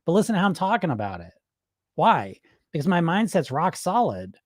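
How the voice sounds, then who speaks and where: A man's voice: a little high, sing-song, a little fast, dry recording, studio quality. A man coaching weight loss in a casual livestream Q&A, blunt and loose, swearing now and then and checking in with "right?".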